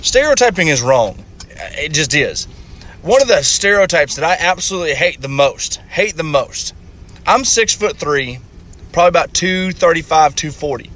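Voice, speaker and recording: Male comic, bright and a touch high, deadpan and foul-mouthed, joke telling from the driver's seat. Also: normal speed. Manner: crude, profane, deadpan setups. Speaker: comedian.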